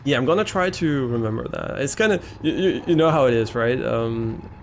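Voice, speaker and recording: A man's voice: medium pitch, animated, brisk, gravelly, a little hiss or hum. A man with a German accent, a native German speaker, chatting casually and hesitantly with viewers while streaming a game, with frequent ums and restarts. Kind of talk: casual live-stream chat while gaming.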